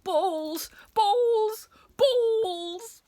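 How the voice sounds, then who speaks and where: A woman's voice: very high voice, animated, very slow, voice pushed up, heavily acted. A woman voicing a cartoonish male maths teacher who bellows and shrieks the same word over and over. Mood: bellowing.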